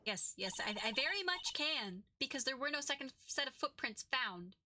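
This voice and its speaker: An earnest young defense attorney presses a witness point by point, read out by a woman. The voice stays high and animated. He is methodical and persistent. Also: normal speed, noisy background. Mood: pressing. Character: young male defense lawyer, earnest and sharp.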